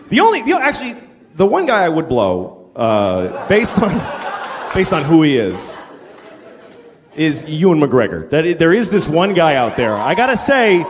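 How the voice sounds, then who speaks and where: Profane stand-up comic in a big theater. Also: male voice, a little high, huge pitch swings, measured pace, slight background noise. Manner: profane, ranting, acts out shouted characters. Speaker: stand-up comedian. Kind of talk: stand-up comedy set. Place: large theater with a laughing audience. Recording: live theater recording, hall echo, crowd laughter.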